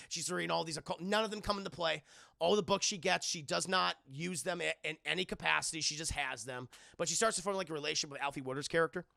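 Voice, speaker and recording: A man's voice: a little high, quick pace, gravelly, bright, forceful tone, no echo, clean studio sound. A young man streamer casually recapping a horror film for his chat, rambling with lots of fillers and swearing. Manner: rambling, hesitant, swears often. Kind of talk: casual profane movie recap.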